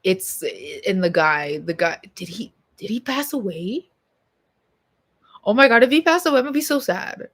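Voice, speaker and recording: A woman's voice: medium pitch, animated, moderate pace, a bit bright. A young woman vlogging at home, talking casually to her viewers in a rambling, blunt way and swearing freely. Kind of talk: casual rambling chat to camera.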